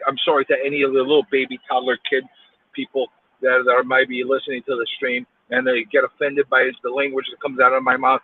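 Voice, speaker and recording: A man streaming from his car in traffic, rambling and stammering, then bursting into loud yelling at other drivers. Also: a little high. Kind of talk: ranting while driving. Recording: phone-like dry lo-fi sound.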